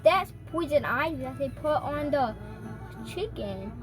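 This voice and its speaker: High, excitable woman reacting to a horror film. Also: a little slow, over music. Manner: excitable, jumpy, loud startled exclamations. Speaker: video reactor. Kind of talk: casual reaction commentary.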